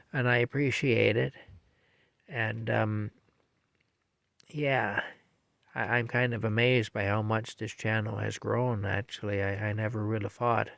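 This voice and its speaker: An older man chatting casually in a bedtime vlog from his camper, rambling and repeating himself and talking softly to his cat. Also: fairly low pitch, creaky. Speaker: vlogger. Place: small camper in a field, at night.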